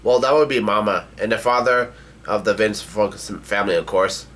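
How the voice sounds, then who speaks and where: A man voicing a gruff male lion bodyguard from a manga, read aloud plainly. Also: lowish voice, normal speed, fairly bright tone. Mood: explaining.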